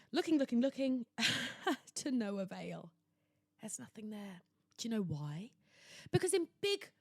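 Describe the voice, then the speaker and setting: A young woman hosts her own podcast and tells her story as a dramatic, sarcastic rant. Her voice sits fairly high and swoops all over the place as she exclaims. The sound is close and dry. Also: no echo. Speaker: podcast host. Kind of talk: casual solo podcast rant. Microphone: laptop setup at home.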